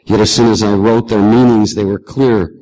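A man reading literary fiction aloud in a measured, reflective way. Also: lowish voice, steady tone, warm tone, long reverb tail, poor audio. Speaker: reader.

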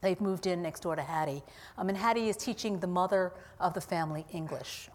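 A woman's voice: on the low side, brisk. Woman author reading in an echoing hall. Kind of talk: reading from her novel. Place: university auditorium.

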